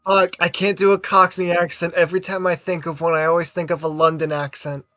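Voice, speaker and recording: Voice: mid-range voice, flat delivery, a little fast, bright, forceful tone. A game master narrating a tabletop horror game in a casual, blunt, jokey manner, swearing freely.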